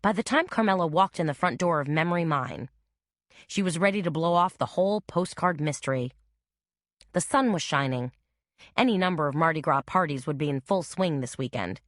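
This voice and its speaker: A woman reads a mystery audiobook in an even, measured way. Her voice is low and the sound is dry and close, with no room around it. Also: no echo. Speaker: narrator. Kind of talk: audiobook narration.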